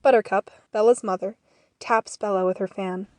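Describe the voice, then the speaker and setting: A woman reads the scene headings and actions of an audio drama in a measured, matter-of-fact voice. Her pitch is medium and the sound is dry and close. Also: steady tone, dry recording. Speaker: narrator.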